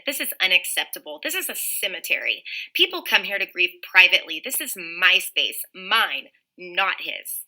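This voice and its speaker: Woman narrating a first person audiobook, really bright sharp tone, lowish voice, earnest, trips up now and then. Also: rough recording. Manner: earnest, reads with small slips and restarts. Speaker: audiobook reader.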